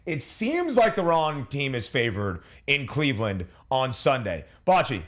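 A man hosting a sports betting talk show, his pitch swinging up and down a lot as he moves through picks. He speaks briskly, with teasing banter. The delivery is upbeat radio hosting. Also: sing-song.

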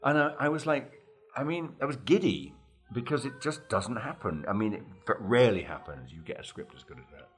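A male actor guest telling animated stories in a relaxed interview, laughing often and acting out dialogue. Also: mid-range voice, a little fast, faint music behind. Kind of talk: anecdotal interview storytelling.

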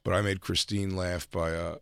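A man's voice: deep voice, flat delivery, normal speed, vocal fry, a bit bright, clear, resonant tone, dry recording, clean studio sound. A man hosting a podcast, rambling casually, swearing and acting out quotes in silly voices. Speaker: podcast host. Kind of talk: casual comedic chat.

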